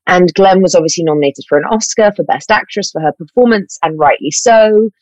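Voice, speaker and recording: A woman, an actress talking in an animated, chatty way with fillers and self-corrections in an interview. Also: lowish voice, brisk, no echo. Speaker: actress guest. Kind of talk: casual interview chat.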